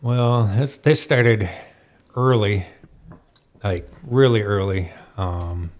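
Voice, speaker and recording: A man telling racing stories as an interview guest in a studio, animated and laughing often as he acts out other people's lines. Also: fairly low pitch, slow pace. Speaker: guest, off-road racer. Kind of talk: storytelling interview chat.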